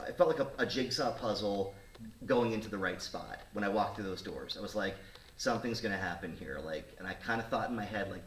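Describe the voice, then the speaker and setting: A man, a radio talk show host in his thirties, telling a story casually and acting out the voices of the people in it. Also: on the low side. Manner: animated, acts out quoted voices. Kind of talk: casual storytelling to a studio audience. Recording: roomy sound, mic at a distance, faint noise.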